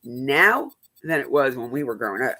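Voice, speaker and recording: A woman's voice: a bass voice, very animated, moderate pace, pushed and bright. A woman hosting a live stream, telling blunt, profane stories in casual chat.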